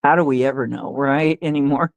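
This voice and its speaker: A woman's voice: a bass voice, a little fast, dry recording, low-quality recording. A woman hosting a livestream, telling stories in a rambling, hesitant way with many fillers and little laughs. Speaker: livestream host. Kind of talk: casual storytelling chat.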